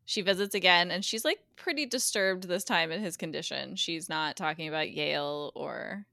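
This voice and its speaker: A woman's voice: fairly low pitch, normal speed, vocal fry, sharp tone, no echo, clean studio sound. A woman recapping a TV episode on a podcast in casual chat, acting out the characters' lines as she goes. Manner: chatty, acts out characters' lines while retelling. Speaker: guest co-host.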